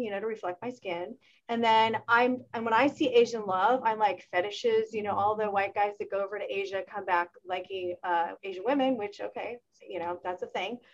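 A woman speaking in a casual panel discussion, her voice sitting on the higher side. She talks in an animated way, slipping into the voices of the people she quotes. The sound is dull and muffled, like lo-fi call audio. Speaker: panel guest.

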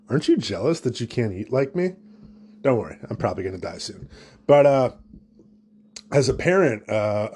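A man's voice: medium pitch, dark tone. A young man, a new father, hosting a solo comedy podcast in a rambling, jokey, self-deprecating way. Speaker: podcast host.

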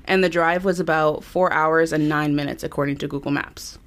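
Low-voiced woman podcast co-host. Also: fairly even intonation, normal speed. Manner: chatty, with frequent ums and quoted passages. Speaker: podcast co-host telling a true crime story. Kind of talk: casual chat, reading from notes.

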